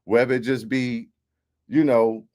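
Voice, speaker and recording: A man hosts an online radio show in an easygoing, casual way. He greets listeners and rambles a little with fillers as he sets up the discussion. His voice sits in an ordinary middle pitch. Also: level tone, measured pace, a little mellow.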